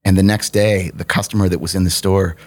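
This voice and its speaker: A man's voice: low-pitched, fairly quick. A man telling wild anecdotes in casual chat, swearing and laughing as he goes. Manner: profane, laughing, animated anecdotes. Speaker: podcast guest storyteller.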